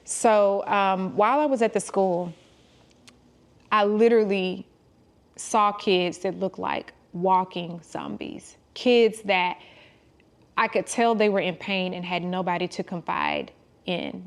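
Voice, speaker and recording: A woman's voice: mid-range voice, takes it slowly, clear, resonant tone. A woman in her forties telling her viewers about her week in a casual, heartfelt vlog, calling them y'all and breaking into quoted prayers and conversations. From United States. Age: 40s. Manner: talks to God and quotes others in lively asides. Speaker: vlogger. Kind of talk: casual personal vlog talk.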